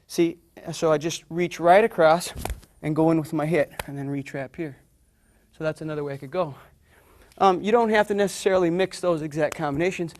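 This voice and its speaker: A man's voice: fairly high pitch, fairly quick. A man teaching martial arts, casually explaining drills while demonstrating them.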